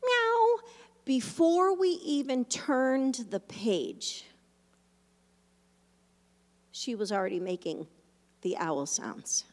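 A woman pastor telling a story in a sermon, animated at times and hushed and reflective at others. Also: a little high, takes it slowly, long pauses, long reverb tail.

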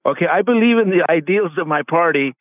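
An older man calling in to a radio show, talking in a rambling, halting way. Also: fairly high pitch, lively intonation, no room sound. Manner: rambling, halting, laughs at himself. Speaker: caller. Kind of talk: call-in radio chat. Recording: tinny phone line.

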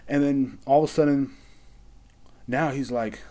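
A man rambles through a casual solo podcast rant, swearing constantly and muttering to himself. His voice is mellow and darker in tone. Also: medium pitch, lively intonation, moderate pace. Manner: profane, rambling, talks to himself. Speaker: podcast host.

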